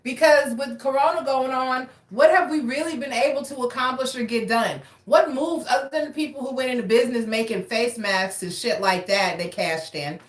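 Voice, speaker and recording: A woman giving a casual tarot reading with a fairly high voice. She talks frankly, swears freely and calls her listeners baby. The sound is roomy and she sits a little away from the mic. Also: moderate pace, hardly any pauses, distant mic. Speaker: tarot reader.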